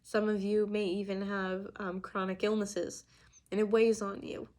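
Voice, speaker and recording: A woman's voice: mid-range voice, level tone, unhurried, a little mellow. A young adult woman giving an earnest, emphatic channeled tarot reading, full of restarts and fillers. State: getting emotional. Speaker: tarot reader.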